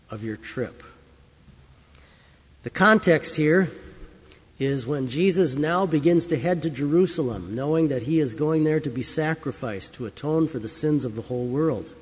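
Casting: male preacher, slightly high voice, earnest and emphatic, big reverberant church. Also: slightly rough. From United States. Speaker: pastor. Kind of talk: sermon with scripture reading.

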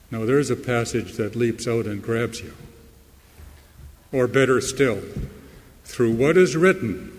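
A male pastor delivers a sermon in an unhurried, deliberate cadence, pressing hard on the words he wants to land. His mid-pitched voice carries a long reverb, as if it were filling a large hall. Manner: slow, emphatic preaching with rising stress on key words.

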